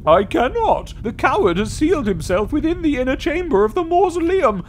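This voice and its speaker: A man voicing an angry male guardian spirit who guards a tomb, making booming, drawn-out proclamations. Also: very animated, a little hiss or hum. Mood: solemn.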